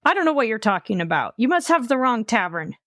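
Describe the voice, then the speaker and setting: Higher-voiced woman playing a tabletop game. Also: sing-song, fast, fairly bright tone, no room sound, clean studio sound. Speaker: player. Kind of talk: casual tabletop gameplay chat.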